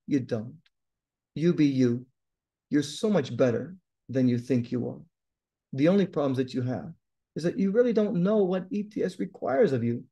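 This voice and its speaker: Blunt, emphatic male tutor, mellow voice. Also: fairly high pitch. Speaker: TOEFL tutor. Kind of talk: direct-to-camera lesson.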